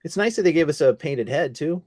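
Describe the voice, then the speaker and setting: A man hosting a casual live chat over a video call, moving the talk along with quick questions. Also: a little high, lively intonation, darkish tone.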